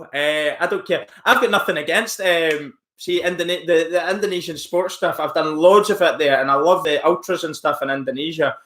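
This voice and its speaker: Guy on a home live stream reading chat, a bit high voiced, echoey room, rambly and mocking. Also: fairly bright tone. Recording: roomy echo.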